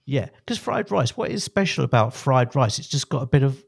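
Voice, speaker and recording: Gravelly-voiced man in his fifties chatting. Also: medium pitch, sing-song, fairly quick. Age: 50s. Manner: rambling, self-interrupting, jokey. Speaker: podcast co-host. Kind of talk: casual chat.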